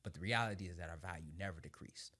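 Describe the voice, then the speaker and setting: A young adult man, a Marine sergeant, telling his own story as a guest in casual conversation. He swears freely, laughs through his anecdotes, and drops low and quiet when he turns reflective. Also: fast, husky.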